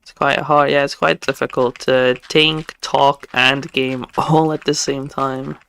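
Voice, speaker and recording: A game streamer chatting casually while playing live, talking in a halting, stammering way with many restarts. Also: medium pitch, flat delivery, gravelly, fairly bright tone, clean tone.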